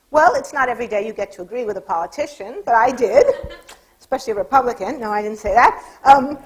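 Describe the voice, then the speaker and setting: A woman delivers a lecture in a measured, steady voice, pitched a little higher than most. She drops dry, wry asides as she goes. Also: poor audio. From California, United States. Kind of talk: public lecture.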